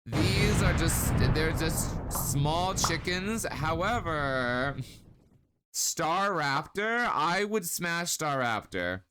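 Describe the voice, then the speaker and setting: A man's voice: a little high, lively intonation, background noise. A man hosting a live stream, chatting casually with viewers in a playful, teasing way with frequent laughs. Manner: playful, giggly, teasing, drawn-out baby talk at times. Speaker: streamer host.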